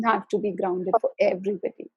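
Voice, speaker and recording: Woman host, husky and dry-sounding, echoes tapping phrases as a worried parent. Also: mid-range voice, flat delivery, fast, mellow, muffled recording. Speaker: host, therapist for special needs children. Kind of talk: repeating tapping phrases, casual chat.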